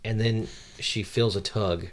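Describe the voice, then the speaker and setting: This podcast co-host speaks at a measured pace in a fairly low voice whose intonation stays fairly even. He's casually going over a manga chapter, acting out quoted character lines a little as he reads them and dropping in lots of ums and uhs.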